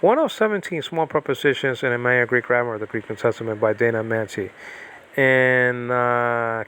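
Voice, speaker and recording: During a typhoon, a man streams a biblical Greek lesson from the cement-block house he built, his voice medium in pitch, fairly bright, and smooth at a moderate pace. His talk is rambling and conversational, full of tangents, ums, and false starts.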